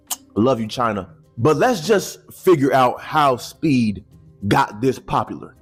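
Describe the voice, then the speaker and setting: A man talks straight to camera in loose, slang-filled vlog commentary, tossing in cocky jokes about himself. His voice has a husky grain and sits at an ordinary middle pitch. Soft music plays underneath. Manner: slangy, joking, boastful asides. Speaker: YouTuber commentator.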